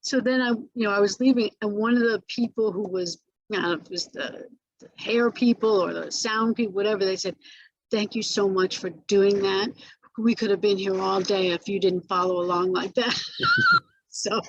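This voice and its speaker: A woman's voice: medium pitch, steady tone, moderate pace, no room sound, highs cut off. An older woman being interviewed about her acting career, telling stories with many restarts, fillers and laughs. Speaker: actress interviewee. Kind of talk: casual interview recollection.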